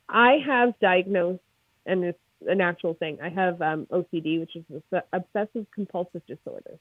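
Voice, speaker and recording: A chatty, excitable woman with a Maritime Canadian accent talks as a guest over a video call. Her voice comes through a tinny, phone-like line with a narrow band. The sound is dry, with no room around it. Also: on the low side, normal speed, no echo. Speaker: guest, snake breeder. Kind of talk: casual livestream interview.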